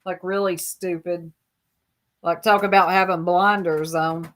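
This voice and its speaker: A woman's voice: on the low side, little pitch movement, unhurried. Sarcastic woman mocking a clip. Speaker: commentary streamer. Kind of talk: reaction commentary on a clip.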